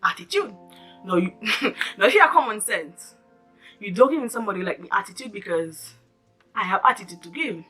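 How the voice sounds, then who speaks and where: A woman vlogger with a lilt tells a story to camera in an animated, dramatic way. Her voice is bright and forward, and she keeps turning to her viewers with asides. Faint music sits behind her. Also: medium pitch, normal speed, slightly rough. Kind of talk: storytime vlog.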